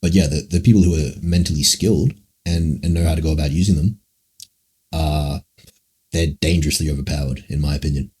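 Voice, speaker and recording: A man's voice: rumbling low, steady tone, fairly quick, a little mellow, slightly rough. A man streaming live and answering chat questions in a rambling, musing way, swearing often. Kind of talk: casual livestream Q&A.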